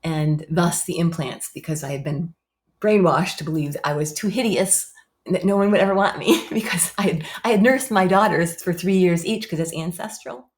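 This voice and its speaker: A woman in her fifties, a podcast guest, telling a personal story in an animated way, repeating phrases for emphasis and acting out other people's lines. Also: lowish voice, moderate pace. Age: 50s.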